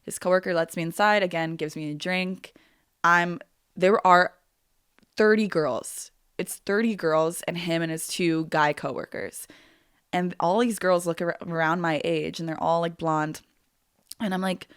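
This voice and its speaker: A woman's voice: lowish voice, a little slow, fairly bright tone, dry recording, studio quality. A woman in her twenties hosting a podcast, telling a personal story in a chatty way and peppering her talk with "like". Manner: chatty, heavy use of "like", acts out quoted voices. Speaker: podcast host. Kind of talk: casual storytelling.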